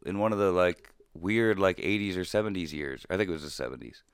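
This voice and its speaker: A man's voice: sits low, fairly quick, clean tone, no room sound, clean studio sound. A man co-hosting a podcast, talking loosely and swearing freely in casual chat. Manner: loose, profane, rambling. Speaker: podcast co-host.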